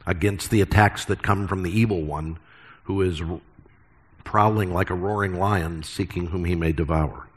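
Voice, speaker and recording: A middle-aged man preaching a sermon as pastor, earnest and emphatic with deliberate pauses. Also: deep voice, husky.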